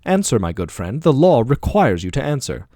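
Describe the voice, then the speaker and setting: A man's voice: medium pitch, very animated, moderate pace, mellow, dry recording, studio quality. A man reading the part of an aging male philosopher defending himself in court, with probing, rhetorical questioning. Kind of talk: audiobook dialogue reading.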